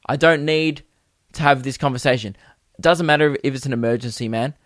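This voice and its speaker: A young man hosting a podcast, telling a comic story with animated, exasperated delivery and putting on voices for the people he quotes. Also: medium pitch, fairly quick, no room sound. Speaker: podcast host. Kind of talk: comedic storytelling monologue.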